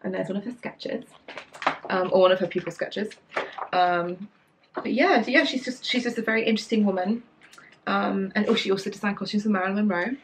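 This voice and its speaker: A woman's voice: mid-range voice, a little fast, slight background noise. A young woman hosting a sewing channel, chatting casually and gushing with enthusiasm, with lots of fillers and restarts. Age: young adult. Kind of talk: casual chat.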